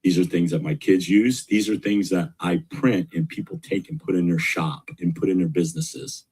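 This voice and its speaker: A middle-aged man talking as a guest in an interview, energetic and emphatic, repeating his key points. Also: sits low, normal speed, slightly rough. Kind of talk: casual interview talk.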